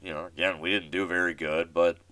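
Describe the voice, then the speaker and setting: Low-voiced man telling a rambling story. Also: little pitch movement, a little fast, sharp tone, dry recording. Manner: rambling with many restarts and fillers, self-deprecating. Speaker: podcast host. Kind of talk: casual storytelling monologue.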